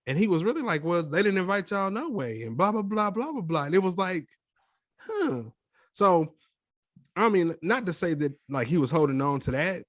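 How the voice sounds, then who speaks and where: A young adult man co-hosting a casual podcast chat, telling a story with animated quoted voices. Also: high-pitched, dry recording, clean studio sound. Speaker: podcast co-host.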